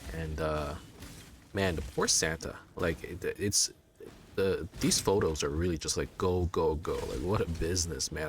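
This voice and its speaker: A man's voice: low-pitched, slight background noise. A man in his thirties from China, chatting casually and telling a rambling story with lots of fillers and restarts. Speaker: let's play gamer. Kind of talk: casual chat.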